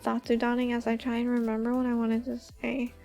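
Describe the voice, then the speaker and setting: Soft-spoken high young woman streamer. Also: completely flat delivery, a little fast, creaky, soft background music. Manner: giggly, rambling, says "like" often. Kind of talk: soft-spoken casual chat with viewers.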